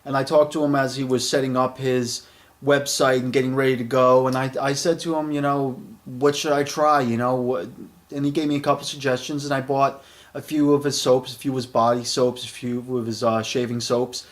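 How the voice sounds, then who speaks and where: A man's voice: medium pitch, flat delivery, a little fast. Rambling man in his thirties. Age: 30s. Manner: rambling, repeats words and uses many fillers; friendly and enthusiastic. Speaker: shaving product reviewer. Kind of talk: casual spoken review.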